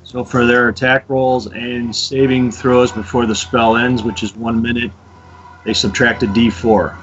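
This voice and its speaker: A man's voice: level tone, unhurried, a little hiss or hum. A man playing a tabletop game, joking and poking fun at himself. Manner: self-mocking, joking. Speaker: player. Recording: dull low-fi sound with faint music.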